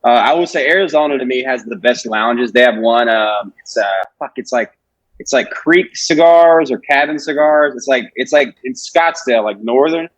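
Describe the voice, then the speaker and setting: A man's voice: medium pitch, normal speed, no echo, poor audio. A young man, a podcast guest, rambling through stories in casual, profane talk full of "like". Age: 20s. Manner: rambling, profane, heavy use of "like". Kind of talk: casual chat.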